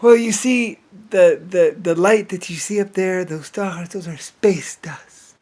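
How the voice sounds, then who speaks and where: A man's voice: high voice, unhurried, a little mellow, pitched above the performer's own voice. A man imitating a pompous male official who talks down to people, his voice trailing into a whisper. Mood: condescending.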